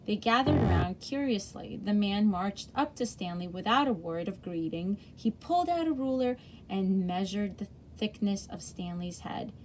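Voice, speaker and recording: A woman's voice: mid-range voice, animated, normal speed, few pauses, noisy background. A woman reading a chapter book aloud to children in a friendly way, with small slips and self-corrections.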